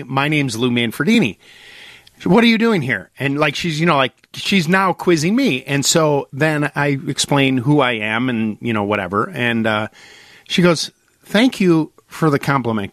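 A middle-aged man hosting a casual talk show, telling a story with lively acted-out quotes. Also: medium pitch, no room sound, studio quality. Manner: animated storyteller, acts out quotes.

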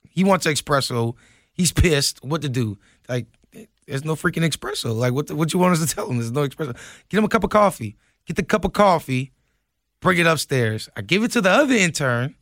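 A young man, a podcast guest telling a story in an animated way and acting out the quotes. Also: on the high side, no room sound, studio quality. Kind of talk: casual storytelling.

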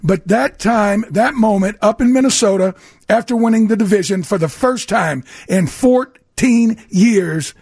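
A man's voice: high voice, measured pace, breathy edge, dry recording, studio quality. A man in his sixties, a radio co-host and former football player, telling stories animatedly and acting out the voices he quotes. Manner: animated storyteller, acts out quoted voices, restarts often. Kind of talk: casual sports radio storytelling. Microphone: studio microphone.

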